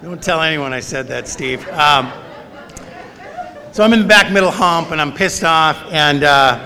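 The long reverb of a large hall surrounds a middle-aged man's bright, forceful, slightly high voice as he speaks a little slowly. He's sharing his own funny story at a recovery meeting, wryly poking fun at himself.

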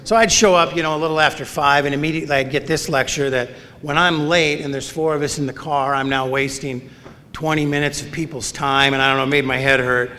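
A man's voice: a little high, fairly even intonation, brisk, pushed and bright, slight background noise. A middle-aged man telling a funny personal story at a recovery meeting, with a wry, self-mocking manner. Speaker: speaker sharing his story at a recovery meeting. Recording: long reverb of a large hall.

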